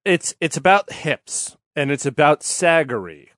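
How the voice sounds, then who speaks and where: A man riffs in loose, silly podcast banter. His voice sits a bit high, and the sound is dry and close. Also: lively intonation, measured pace, fairly bright tone, no room sound. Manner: silly, riffing. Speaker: podcast co-host. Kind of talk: casual comedic banter.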